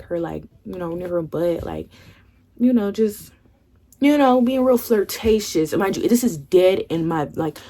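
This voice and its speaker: A young woman tells a personal story to her camera in a casual, candid way. Her voice sits a little on the low side. She swears freely and slips into the voices of her friends as she talks. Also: dark tone. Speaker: vlogger.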